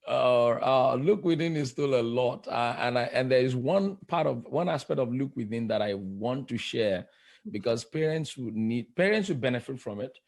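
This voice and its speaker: A man, a life coach and preacher, telling his story as a podcast guest in an emphatic style, repeating key phrases slowly for effect. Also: medium pitch, expressive, vocal fry, a little mellow.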